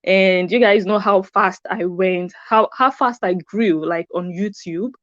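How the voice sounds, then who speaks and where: A woman's voice: medium pitch, a little slow, a bit bright, dry recording, muffled recording. A woman hosting a live stream from a room upstairs at home, chatting casually and greeting her viewers by name. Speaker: YouTube host.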